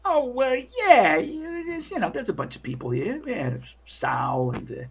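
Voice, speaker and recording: A man's voice: very high voice, big pitch swings, normal speed, vocal fry, fairly bright tone, slightly rough, pitched above the performer's own voice, exaggerated voice. A man voicing a nervous young male hotel worker with a Brooklyn accent, stammering and eager to please. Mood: evasive.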